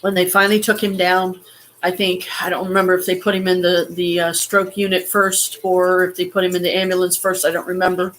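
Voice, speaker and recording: Woman vlogger, halting and near tears, swearing as she talks. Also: fairly low pitch, level tone, fairly bright tone, slight background noise. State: holding back tears. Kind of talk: emotional personal story.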